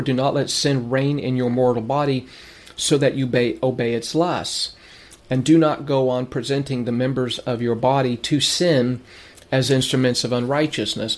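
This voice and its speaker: A man preaching a sermon, earnest and emphatic. He repeats phrases for stress and asks questions that he answers himself. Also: a little mellow. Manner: earnest, repeats phrases for emphasis, rises in pitch when urging.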